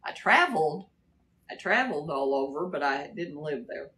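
A woman's voice: deep voice, big pitch swings, normal speed, bright, forceful tone, slight background noise, rough recording. A woman in her sixties with a Kentucky accent and a Texas drawl, chatting casually on a livestream and greeting viewers by name. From Kentucky, raised in Texas. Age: 60s. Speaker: livestream host. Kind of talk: casual livestream chat reading comments.

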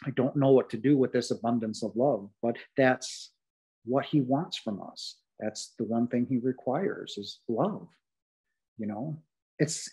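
A man with a medium-pitched, darkish voice and a breathy edge shares his near-death experience in a podcast interview, recorded at low quality. His testimony is earnest and emphatic, dotted with fillers and restarts.

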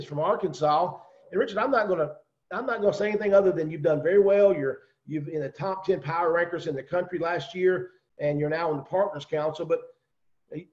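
Fast-talking Southern man on a video call. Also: sits high, a little mellow, lo-fi sound. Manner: persuasive, talks straight to listeners. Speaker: host. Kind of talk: sales pitch on a video call.

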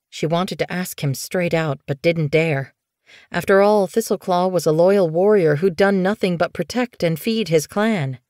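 A woman with a lowish voice narrates an audiobook, her storytelling steady and measured. The studio-quality recording carries no room sound.

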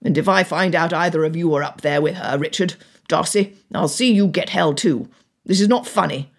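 A woman's voice: on the low side, moderate pace, husky. A woman voicing an indignant, arrogant young nobleman who snaps and complains. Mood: angry. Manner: snapping, indignant.

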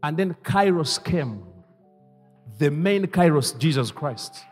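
High-voiced, animated male pastor preaching. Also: takes it slowly, slightly rough, soft background music. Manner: call-and-response preaching, leading the congregation to repeat lines; swings between hushed asides and loud exclamations. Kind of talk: sermon. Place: church hall. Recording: reverberant church hall.

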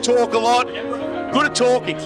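A man's voice: very high voice, little pitch movement, normal speed, over loud music. A man chatting casually and self-deprecatingly after his first stand-up set. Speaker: comedy contestant.

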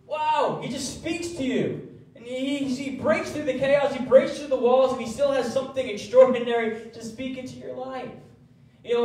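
Male pastor, lively sermon delivery, high voice, miked from a distance in a reverberant church. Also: slight background noise. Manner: animated preaching with acted quotes. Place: church sanctuary. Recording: echoey church hall from far off.

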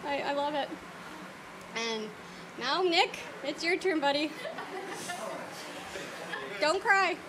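A middle-aged woman, mother of the bride, giving an emotional wedding toast, halting and laughing as she fights back tears. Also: sits high, expressive, noisy background. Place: wedding reception.

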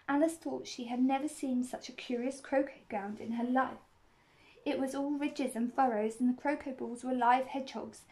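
A woman's voice: a little high, a little mellow. A woman reading a children's novel aloud, steadily, with small slips and restarts. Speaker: reader.

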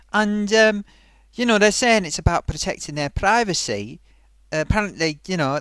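A man's voice: high voice, fairly bright tone, dry recording, clean studio sound. A man hosting his own vlog and chatting casually, rambling along with plenty of ums and restarts. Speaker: vlogger host. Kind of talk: casual comedy vlog chat.

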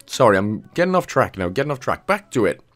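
A man's voice: medium pitch, very animated, quick pace, a bit bright. A man hosting a game walkthrough in casual commentary, chatty and jokey, drifting into playful asides.

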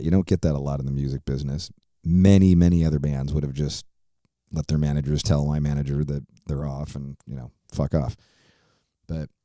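A man's voice: very deep voice, warm tone, dry recording, clean studio sound. A middle-aged man hosting a podcast, telling a story casually in a rambling, profane way full of fillers and restarts. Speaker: podcast host.

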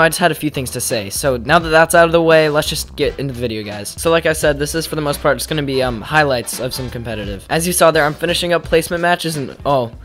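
A man's voice: a little high, a bit bright. A young man chatting casually over his gameplay at a home desk mic, rambling and mocking himself with sudden exclamations. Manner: self-deprecating, rambling, jumpy exclamations. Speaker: gaming YouTuber. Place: home gaming setup. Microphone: desk mic with pop filter.

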